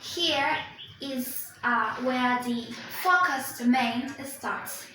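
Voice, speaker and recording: Hesitant young woman explaining slowly, echoey room. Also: high voice, pushed and bright, slight background noise. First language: Spanish. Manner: hesitant, many fillers, explaining step by step. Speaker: student presenter. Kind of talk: recorded class presentation. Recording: echoey room, distant mic.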